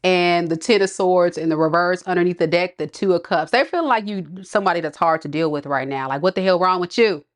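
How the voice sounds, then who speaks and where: A woman's voice: on the low side, brisk, few pauses. A woman giving a casual tarot reading, chatty and slangy, laughing often and talking straight to her viewers. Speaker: tarot reader.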